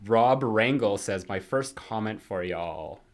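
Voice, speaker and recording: A man's voice: lowish voice, animated, slow. A man co-hosting a podcast in casual chat, reading out listener comments and laughing often. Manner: chatty, laughs often, fillers.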